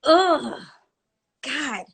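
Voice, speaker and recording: Chatty woman with a bright voice. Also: high-pitched, expressive, drawn-out words, vocal fry. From Latina. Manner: chatty, rambling, acts out quoted thoughts. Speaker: actor on a live chat. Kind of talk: casual chat. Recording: live social video.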